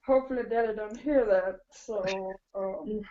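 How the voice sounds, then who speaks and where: A woman's voice: medium pitch, a little slow, muffled recording, natural voice. A woman voicing a sweet, pampered little female pet dog who talks in a cutesy, giggly way on a playful online chat show. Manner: cutesy, giggly, devoted to her mommy.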